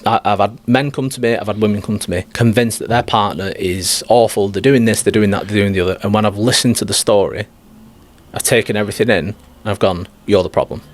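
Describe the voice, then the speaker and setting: A man's voice: on the low side, steady tone, fast talker. A man talking as a life coach guest on a podcast, blunt, direct and emphatic. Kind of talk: podcast conversation.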